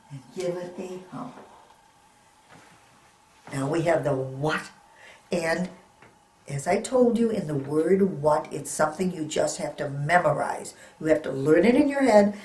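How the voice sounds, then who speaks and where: A woman teaches beginning readers to spell simple words, sounding each letter out and praising them often. She speaks very slowly, in a voice on the low side. The recording has a roomy echo around her. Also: animated. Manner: slow, patient, encouraging, sounds out letters. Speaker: reading teacher. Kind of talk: phonics lesson for young children.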